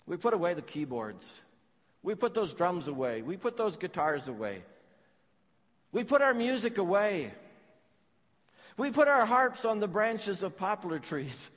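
A middle-aged man preaching a sermon, swinging from loud declarations to hushed, heavy phrases. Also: on the high side, big-room sound. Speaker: pastor.

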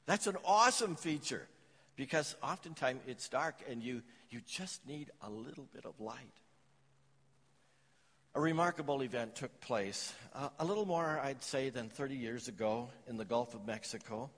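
A man's voice: medium pitch, moderate pace, fairly bright tone, breathy edge. Man preaching in an echoing hall. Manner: storytelling with jokes and anecdotes. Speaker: pastor. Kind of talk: sermon.

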